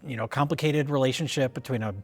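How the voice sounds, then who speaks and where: A man's voice: medium pitch, quick pace, vocal fry, faint music behind. A man co-hosting a casual film review, recapping the plot with laughs. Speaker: co-host.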